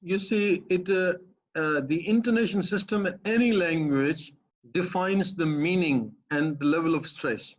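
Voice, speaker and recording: A man's voice: high-pitched, measured pace. A man with a Pakistani English accent, a professor explaining a point emphatically and piling up repeated phrases. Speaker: professor answering a student's questions. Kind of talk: explanatory academic talk. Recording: muffled lo-fi recording.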